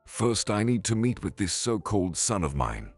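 A man voicing an irritable elderly writer with a gruff, curt manner in a story reading. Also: fairly low pitch, very animated, moderate pace, dry recording, faint music behind.

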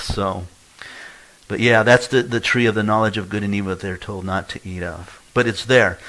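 A man's voice: medium pitch, moderate pace, a bit bright, rough recording. A middle-aged pastor preaching a sermon in a church, telling his own story and acting out the voices of people he quotes. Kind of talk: sermon with personal testimony.

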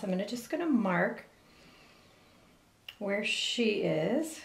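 A middle-aged woman giving a step-by-step cake decorating lesson, explaining each move gently and carefully. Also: mid-range voice, creaky. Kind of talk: step-by-step demonstration. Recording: echoey room.

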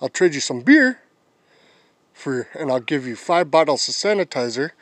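A man voicing a pushy young man who talks in a low, quiet, matter-of-fact taunting way. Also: sing-song, moderate pace, no echo.

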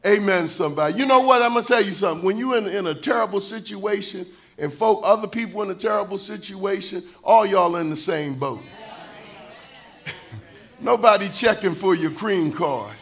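Pastor, male, high bright voice, preaching with call-and-response, rising to shouts and sung lines. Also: moderate pace. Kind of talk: sermon.

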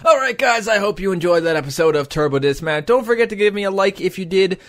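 Upbeat gaming YouTuber, slightly high voice, joking and cheering, soft music underneath. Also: male voice, quick pace. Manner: playful, joking, excitable cheering. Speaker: gaming commentator. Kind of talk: let's play commentary.

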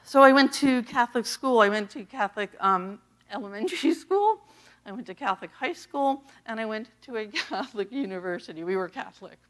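A middle-aged woman pastor from the US East Coast giving a personal testimony sermon, animated and laughing often as she tells the story. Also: on the high side, fairly quick. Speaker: associate pastor.

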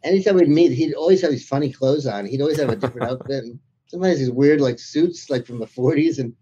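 Author guest: man, warm husky voice, chatty anecdotes with laughs, dull lo-fi audio. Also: medium pitch, fast. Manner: chatty storyteller, laughs through his anecdotes. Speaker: author being interviewed. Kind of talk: anecdotal interview conversation.

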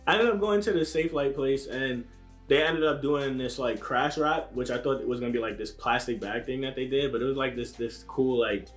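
A man's voice: medium pitch, a little fast, faint music behind. A young man casually telling a story to camera in a laid-back, slang-heavy way, acting out what people said to him. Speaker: vlogger.

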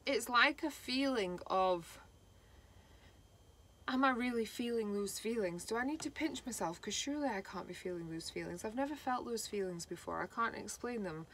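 A woman giving a slow, halting spiritual card reading, voicing feelings with emotion. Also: on the high side, animated, fairly bright tone, a little hiss or hum. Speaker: tarot reader.

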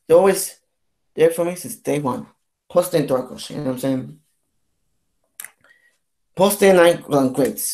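A young adult vlogger in their twenties, speaking at a mid pitch in a long, rambling rant. They sound fed up and keep circling back to the same complaints, tripping over false starts along the way. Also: darkish tone. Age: 20s. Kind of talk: ranting vlog monologue.

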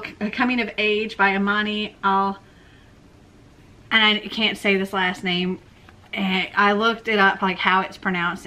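A woman's voice: medium pitch, sharp tone. A young woman book vlogger chatting casually about books she read, with lots of fillers. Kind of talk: casual book review chat.

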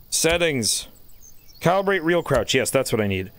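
A man streaming a game, with a high, bright voice that leaps all over the place. He swears freely and yells at the screen, with faint music under him. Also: no room sound. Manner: excitable, swearing, yelling at the game. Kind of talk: casual gameplay commentary.

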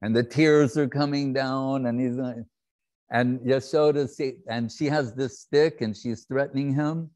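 A man giving a devotional talk, telling stories in an animated way, acting out scenes and laughing often. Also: medium pitch, unhurried.

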